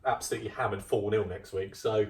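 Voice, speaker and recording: A man's voice: on the low side, fairly even intonation, fast. A man co-hosting a casual football chat, agreeing often and adding short points. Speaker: podcast co-host. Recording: echoey room, distant mic.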